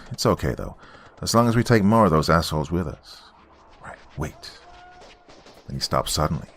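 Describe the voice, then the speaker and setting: A man narrating a horror story in an expressive, scripted storytelling manner. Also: low voice, vocal fry.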